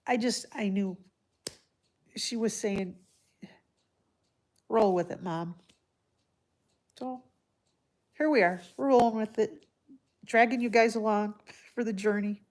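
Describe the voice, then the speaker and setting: A woman's voice: on the high side, steady tone, measured pace, pauses often. Chatty woman hosting a home livestream. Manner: chatty, answers viewer comments by name; soft-spoken and heartfelt. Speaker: livestream host. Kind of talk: casual live-stream chat.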